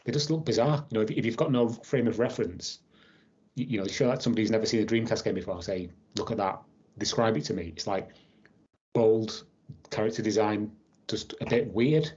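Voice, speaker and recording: Male podcast co-host, low-pitched, rambling, lo-fi sound. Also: a little fast, darkish tone. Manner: rambling, with many fillers and restarts. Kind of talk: casual chat.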